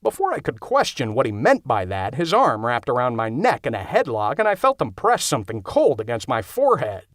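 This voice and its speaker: A man's voice: medium pitch, huge pitch swings, brisk, hardly any pauses, dry recording, studio quality. A man narrating a horror-comedy audiobook in the first person, with a wry, conversational delivery.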